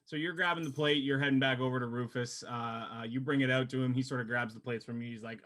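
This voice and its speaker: A man's voice: mid-range voice, fairly even intonation, quick pace, few pauses, fairly bright tone. A man narrating as game master of a tabletop game, casual and laughing easily. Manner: casual, chatty, laughs often.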